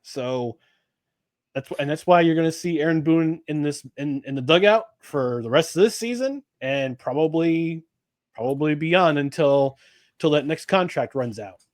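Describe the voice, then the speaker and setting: A man co-hosting a sports podcast, talking in an animated, exasperated way with many restarts. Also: on the high side, normal speed, dry recording, studio quality. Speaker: podcast co-host. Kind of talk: casual sports talk.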